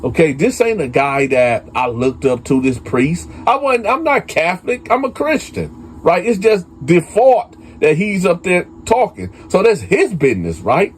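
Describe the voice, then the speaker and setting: A man's voice: high voice, big pitch swings, measured pace, slight background noise. A man hosting a prison story channel, telling a story casually and talking straight to his viewers with lots of fillers. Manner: conversational, addresses viewers as y'all, many fillers. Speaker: storyteller host.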